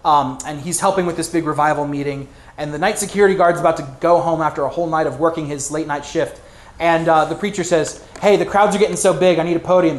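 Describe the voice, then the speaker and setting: A man preaching in a loose storytelling manner, often stopping with "um" and starting over. His voice sits slightly high, and the room gives it a noticeable echo. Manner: conversational storytelling, frequent fillers and restarts. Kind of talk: sermon.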